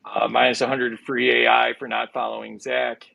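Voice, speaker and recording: Guy hosting an online game show, super gravelly voice, rambly and jokey, lots of uhs. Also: mid-range voice, level tone, moderate pace, pushed and bright, no room sound, muffled recording. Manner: jokey, rambling with many fillers.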